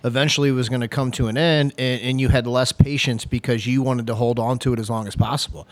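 A man's voice: mid-range voice, steady tone, quick pace, no echo. A man hosting a podcast, asking teasing, playful questions in casual chat. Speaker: podcast host.

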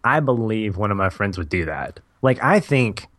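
A man's voice: lowish voice, big pitch swings, normal speed, a bit bright, no room sound. A man co-hosting a podcast, enthusiastically recounting favorite movie scenes and teenage memories, laughing mid-sentence. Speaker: podcast co-host. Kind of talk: casual movie discussion.

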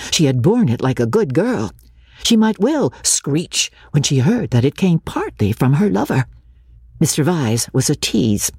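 A woman radio host narrating a classic novel in a measured, expressive dramatic reading. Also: extremely low pitch, husky, no room sound, clean studio sound.

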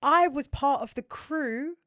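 Speaking slowly in a high voice, a podcast co-host with a London accent chats casually and animatedly, acting out the dialogue in her tales. The studio sound is clean with no room noise.

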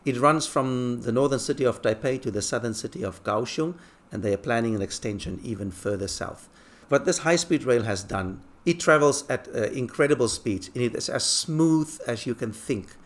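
A man from England who lives abroad, telling relaxed, chuckling anecdotes in a casual monologue. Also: mid-range voice, normal speed. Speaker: expat talking about life abroad.

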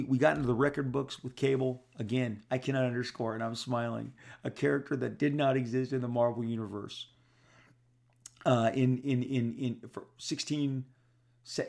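Male comic creator with a heavily gravelly voice, spinning animated stories for fans. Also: mid-range voice. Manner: animated, repeats words for emphasis. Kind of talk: casual storytelling to fans.

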